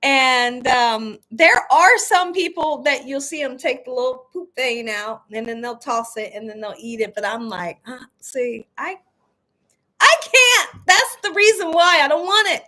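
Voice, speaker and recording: A woman's voice: sits high, expressive, moderate pace, few pauses, pushed and bright. A woman hosting a cooking channel live stream, chatting casually with viewers, reading their comments aloud and laughing often. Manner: laughs often, emphatic and playful.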